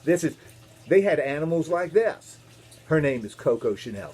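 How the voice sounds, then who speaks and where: Man, minister, kids' storytelling, very lively intonation, slightly high voice, playful. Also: moderate pace, slightly rough. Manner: animated, playful, asks kids questions, makes animal noises. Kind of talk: storytelling for children.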